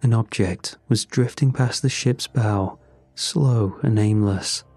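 A man narrating a first-person horror story in a measured, grim way. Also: on the low side, darkish tone, slightly rough, no room sound, soft background music.

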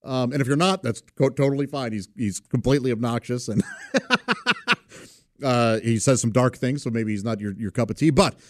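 A man hosts a podcast in a loose, rambling monologue. He sits at a middle pitch and sounds chatty and amused with himself. The sound is close and dry. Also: normal speed, a little mellow, no echo. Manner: rambling, chatty, laughs at his own stories. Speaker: podcast host.

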